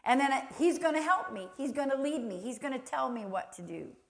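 A woman's voice: high voice, animated, fairly quick. A woman preaching a sermon who acts out little quoted voices and laughs easily.

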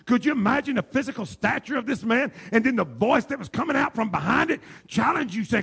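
A male pastor preaching a sermon in a booming voice, shouting his points and then dropping to quiet asides. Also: animated, brisk, gravelly, hardly any pauses, breathy edge. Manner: shouting preacher, swings from loud to low asides.

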